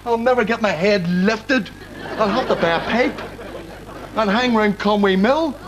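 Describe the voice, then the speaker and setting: A man's voice: high voice, a little slow, background noise. An actor with a Belfast accent playing a lazy, blustering father who has been made a party spokesman, whiny and pompous by turns. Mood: complaining. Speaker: sitcom character. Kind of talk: sitcom acting.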